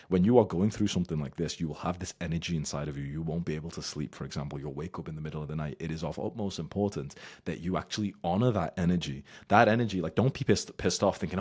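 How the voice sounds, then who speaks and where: A man with an extremely deep voice talks straight to his audience, giving blunt advice. He swears a lot and rambles, stacking up fillers and restarts as he hammers home his points. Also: fast talker, darkish tone, husky. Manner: blunt, heavy swearing, emphatic. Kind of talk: casual advice monologue.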